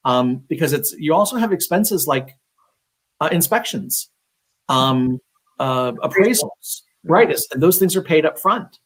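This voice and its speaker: A man's voice: on the high side, expressive, unhurried, a bit bright. A man working as a real estate agent, giving casual advice on a live stream, talking conversationally with many fillers and restarts.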